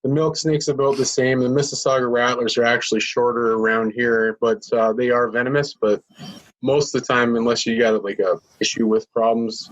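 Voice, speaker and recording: A man's voice: medium pitch, little pitch movement, moderate pace. A man, a podcast guest, telling easygoing anecdotes and occasionally swearing. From Canada. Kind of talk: casual storytelling chat. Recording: dull lo-fi sound.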